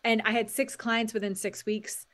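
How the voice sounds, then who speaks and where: Lively, higher-voiced woman telling stories. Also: moderate pace. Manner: animated storyteller, acts out quotes and laughs often. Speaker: guest, mindset coach and author. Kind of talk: podcast interview.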